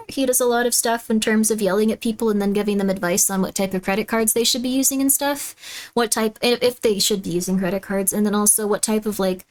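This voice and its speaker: A woman live-streaming, chatting casually with her audience and reacting to videos. She is animated and laughs often. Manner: chatty and animated, laughs often, loud shrill bits when mocking someone.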